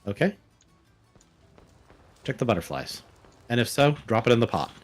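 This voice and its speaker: Guy on a stream working out a puzzle out loud, voice bouncing all over in pitch. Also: very animated, normal speed, soft background music. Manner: thinking aloud while solving puzzles. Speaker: streamer guest. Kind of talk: casual live-stream chat.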